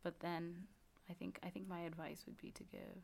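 A woman co-hosting a podcast, giving thoughtful advice in a casual chat with many soft agreements. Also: fairly low pitch, animated, moderate pace, vocal fry. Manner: reflective advice-giving, frequent mm-hmm backchannels. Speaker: podcast co-host.

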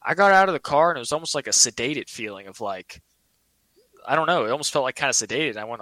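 A man's voice: medium pitch, animated, quick pace, bright, forceful tone, no room sound, rough recording. A man telling a personal story in a casual, earnest, rambling way, often restarting his sentences.

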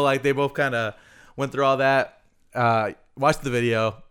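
A man co-hosting a casual podcast, swearing a lot, laughing often and telling animated stories. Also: medium pitch, normal speed, clean tone. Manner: profane, laughing, animated storytelling. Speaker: podcast co-host.

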